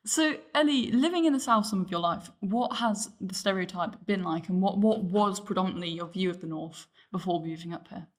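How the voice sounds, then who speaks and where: A young woman from the North of England hosting a casual discussion, earnest and steady, with frequent fillers. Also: medium pitch, fairly quick, few pauses. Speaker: host.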